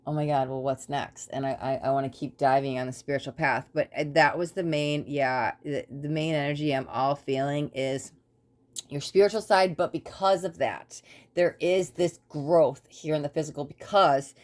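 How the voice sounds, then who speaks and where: A woman's voice: low-pitched, fairly even intonation, normal speed. A woman doing a tarot reading for her viewers, talking in an earnest, rambling way and often checking in with "right?". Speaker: tarot reader. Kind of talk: casual spiritual talk to camera.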